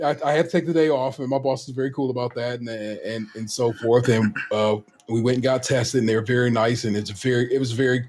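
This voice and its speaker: A man in his thirties, telling a story in casual podcast chat, animated and profane, acting out what people said. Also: mid-range voice. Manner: animated, profane, acts out quotes. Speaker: podcast co-host.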